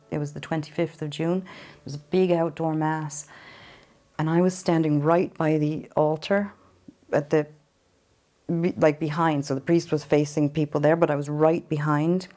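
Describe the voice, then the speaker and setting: Low-voiced woman telling a personal story. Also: mellow. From Ireland. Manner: earnest, halting storytelling with restarts. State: emotional at times. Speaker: interview guest. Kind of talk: personal testimony.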